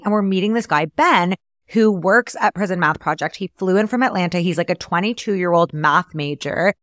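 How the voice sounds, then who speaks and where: A woman's voice: lowish voice, a bit bright, dry recording, clean studio sound. A young adult woman and math teacher hosting a podcast, retelling a story in a chatty way with lots of "like". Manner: chatty, filler-heavy retelling with "like". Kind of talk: casual storytelling.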